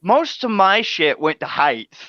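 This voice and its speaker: Giggly lively man, bright dry sound. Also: high voice, measured pace, highs cut off. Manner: giggly, playful, laughs often. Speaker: podcast guest. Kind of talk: casual chat.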